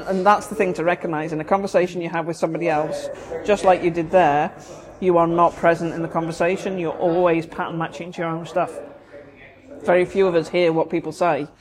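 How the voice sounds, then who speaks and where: A woman's voice: on the low side, little pitch movement, fairly quick. A woman therapist, chatting casually and explaining things with everyday examples. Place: busy coffee shop. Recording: noisy coffee shop recording. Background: café crowd chatter.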